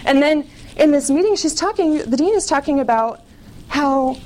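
Young american woman telling her faith story to a crowd, kinda high voice, lots of likes. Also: lively intonation, moderate pace, a little mellow, slight background noise, poor audio. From United States. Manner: chatty and candid, full of "like" fillers, laughs often. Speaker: speaker giving a testimony. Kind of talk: personal testimony talk to an audience.

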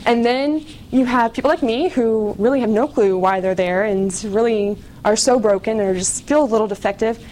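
Woman, young adult, from the US, testimony talk, chatty, slightly high voice, faint background hum. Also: normal speed, few pauses, a little mellow, low-quality recording. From United States. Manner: chatty and candid, full of "like" fillers, laughs often. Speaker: speaker giving a testimony. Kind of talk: personal testimony talk to an audience.

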